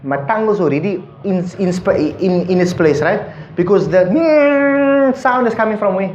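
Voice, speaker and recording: A man's voice: high voice, a little fast, darkish tone, highs cut off, a little hiss or hum. Man coaching Quran recitation in a roomy class. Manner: patient, coaching, chants verses then explains pronunciation. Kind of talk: recitation class with call and response.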